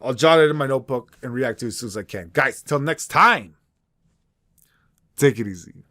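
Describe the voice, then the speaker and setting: A man's voice: medium pitch, expressive, moderate pace, bright, forceful tone. A man with a Canadian accent hosting a reaction video, chatting casually and addressing viewers as guys.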